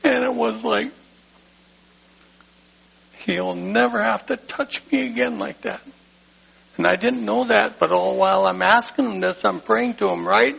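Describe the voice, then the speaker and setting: Gravelly, husky-voiced man telling his testimony. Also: sits high, a little slow, long pauses. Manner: emotional, plain-spoken storytelling. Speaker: speaker giving a testimony in church. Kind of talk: personal testimony. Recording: dull lo-fi recording.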